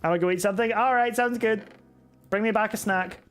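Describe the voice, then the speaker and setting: Chatty Scottish man, higher voice. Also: fairly even intonation, fast, fairly bright tone, clear, resonant tone. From Scotland. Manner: chatty and self-mocking, reads chat messages aloud and answers them. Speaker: streamer. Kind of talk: casual live-stream chat while gaming. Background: faint background music.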